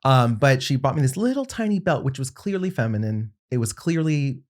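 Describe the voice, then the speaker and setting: A young adult man guesting on a podcast, telling a personal story in an easygoing, conversational way. He brings his tale to life by voicing the people in it, and his pitch sits in the middle range. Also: brisk. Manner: animated storyteller acting out quotes.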